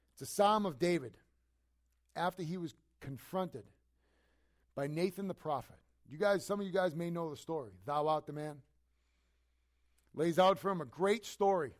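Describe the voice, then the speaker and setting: A man preaching as a pastor, talking conversationally with many fillers and moving between quiet, prayerful passages and loud, climbing climaxes. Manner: swings from soft, intimate prayerful tones to loud, high preaching climaxes. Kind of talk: sermon.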